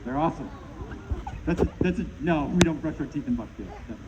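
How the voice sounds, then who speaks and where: Lively joking man performing a juggling show. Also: on the high side, fairly quick. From Maine, USA. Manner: jokey, bantering with the crowd. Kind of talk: live comedy juggling show. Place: outdoors at a pond. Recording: muffled outdoor recording with loud background noise.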